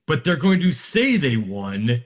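Animated exasperated radio co-host man. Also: medium pitch, measured pace. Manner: animated, exasperated, many fillers. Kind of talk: casual sports talk.

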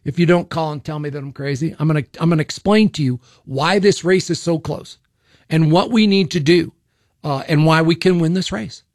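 A man's voice: a little high, a little fast, darkish tone, no room sound, clean studio sound. A man hosting a political talk radio show, speaking bluntly and opinionatedly, often restarting and repeating himself. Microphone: studio microphone.

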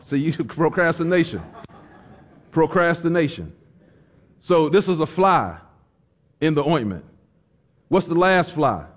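A man preaching a sermon, folksy and fervent, breaking into shouted exhortations and wry stories. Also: on the high side. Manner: storytelling with folksy humor.

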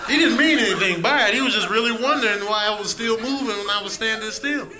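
A man's voice: high-pitched, quick pace, very noisy. A man doing a stand-up set, telling a self-mocking story. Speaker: stand-up comedian.

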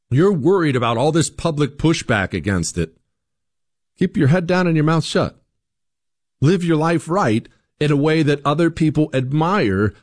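Animated male commentator, dry close sound. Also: fairly high pitch, no room sound. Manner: emphatic, animated, rhetorical questions, acts out quoted voices; frequent restarts and repeated words. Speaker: political commentator host. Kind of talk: opinion commentary monologue.

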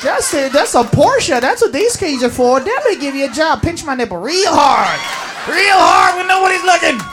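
A woman with a high, sing-song voice at normal speed performs a brash, profane stand-up routine on a comedy club stage, acting out characters. It's a live show with crowd noise.

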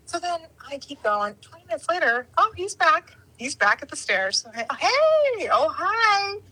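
A woman telling a story in casual chat, animated and acting out the quoted lines in lively voices. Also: sits high, normal speed, poor audio.

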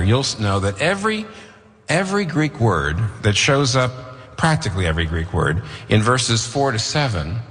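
A man's voice: mid-range voice, fairly bright tone, long reverb tail. A man preaching a sermon, emphatic and rhetorical, repeating phrases for effect. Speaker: pastor.

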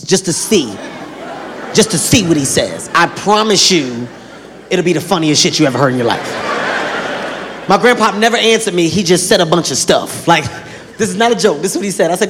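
A male stand-up comedian telling stories on stage, animated and often laughing through his own jokes. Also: high-pitched, brisk. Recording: live club, crowd noise, long reverb.

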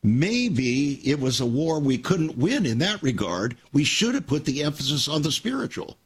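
A man's voice: fairly high pitch, very animated, moderate pace, breathy edge. An older man hosting a Christian radio talk show, telling stories earnestly and with emphasis.

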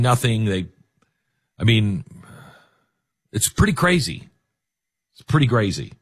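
Husky, animated male talk host. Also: medium pitch. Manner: animated, jokey asides. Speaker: radio talk show host. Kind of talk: storytelling monologue.

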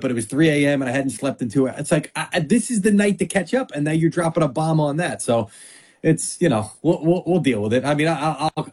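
A man guesting on a sports podcast, chatting casually and telling lively stories with acted-out quotes. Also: a little high, husky. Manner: animated storytelling with acted-out quotes.

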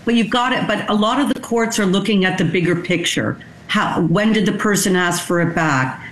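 A woman lawyer explaining the law in a brisk, matter-of-fact way as an interview guest. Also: mid-range voice, echoey room, low-quality recording. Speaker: divorce lawyer. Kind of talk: expert interview.

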